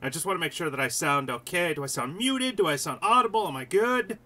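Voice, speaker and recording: A young man hosts a sports livestream in a chatty, upbeat way, stopping and restarting his sentences as he talks. His voice is bright and forceful and sits a bit high for a man. It sounds like he is talking into a computer mic. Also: expressive, fairly quick. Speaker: host and site editor. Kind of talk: casual livestream sports talk.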